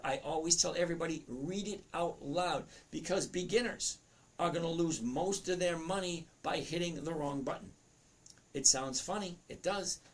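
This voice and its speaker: A man in his fifties with a cracking voice, chatting through a live trading lesson and reading viewer comments aloud. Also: high-pitched. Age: 50s. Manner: chatty, reads comments aloud, self-interrupting. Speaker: trading educator.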